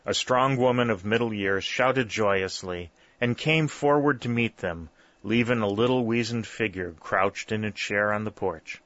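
A man narrating a story in a steady, measured reading. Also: fairly low pitch, dry recording. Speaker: audiobook narrator. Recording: dull, lo-fi dry recording.

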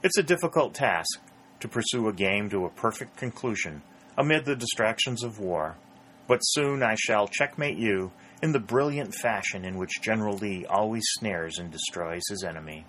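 A man's voice: on the low side, expressive, moderate pace, a bit bright, a little hiss or hum, low-quality recording. A man reading the lines of a proud, grandiloquent Confederate officer in a storybook, with lofty, ornate speech. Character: proud Confederate lieutenant colonel, grandiloquent and stubborn.

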